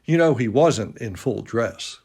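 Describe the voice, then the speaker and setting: A man's voice: medium pitch, lively intonation, a little slow, creaky, a little mellow, breathy edge, exaggerated voice. A man voicing a jovial male painter friend who teases in a hearty, upper-class way. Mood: teasing.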